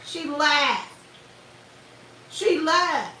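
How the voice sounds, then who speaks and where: A woman's voice: high voice, sing-song, slow, sharp tone. A woman hosting a livestream, giving blunt, profane commentary and laughing often. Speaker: livestream host. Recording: echoey room, far from mic, faint hiss.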